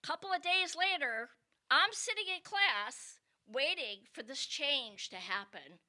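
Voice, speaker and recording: A woman comedian telling a comic childhood story in an animated, expressive way. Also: sits high, slow pace.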